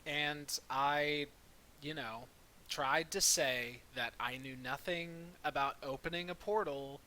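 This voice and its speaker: A man's voice: a little high, slow, pushed and bright. A man playing a tabletop game, stammering and sheepish. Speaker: player. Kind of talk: casual tabletop game play. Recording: faint hiss.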